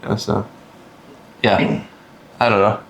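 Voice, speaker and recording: A man's voice: on the low side, flat delivery, slow pace, vocal fry, a bit bright. A young man from Canada hosting a podcast, telling a story in casual chat and acting out quotes in a raised voice. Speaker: podcast host.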